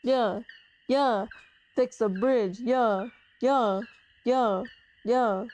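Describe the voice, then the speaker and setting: A young woman streamer chats casually to her chat while playing a game, swearing freely over soft game music. Her voice is a little high and very slow, with the highs cut off.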